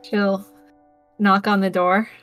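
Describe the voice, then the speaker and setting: A woman's voice: medium pitch, little pitch movement, slow, music in the background. A woman playing a tabletop game, thinking aloud as she describes her character's actions. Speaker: player.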